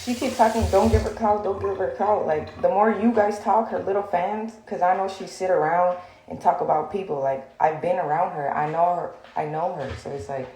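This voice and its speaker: A woman's voice: fairly low pitch, moderate pace, mellow, a little hiss or hum. A woman ranting straight to her phone camera, blunt and profane, rambling with lots of fillers. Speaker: social media vlogger. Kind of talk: heated direct-to-camera rant. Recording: echoey room.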